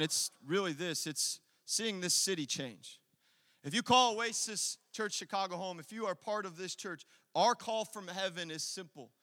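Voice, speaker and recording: Man, pastor, fervent sermon, call-and-response, sharp bright tone, church sanctuary. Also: sits high, big-room sound. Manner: impassioned, loud preaching with call-and-response.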